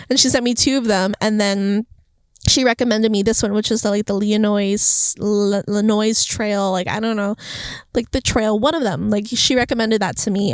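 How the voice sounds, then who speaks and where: A young woman hosting a casual faith podcast, talking in an excitable, chatty way with lots of fillers and laughter. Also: fairly high pitch, smooth, dry recording. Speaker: podcast host. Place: outdoors on a hill near the beach. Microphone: camera.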